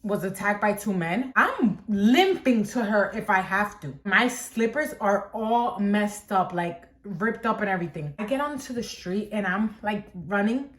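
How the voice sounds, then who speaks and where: Animated young woman telling a story. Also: medium pitch, a little slow, hardly any pauses. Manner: animated, dramatic, heavy use of "like". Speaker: storytime vlogger. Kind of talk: casual storytime. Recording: roomy echoing room.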